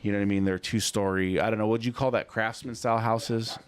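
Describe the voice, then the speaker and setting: A man with a lowish voice talks casually into a studio mic, co-hosting a podcast. He tells his story in a loose, rambling way, piling on "you know" and reenacting what he said. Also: steady tone, quick pace. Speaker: podcast co-host.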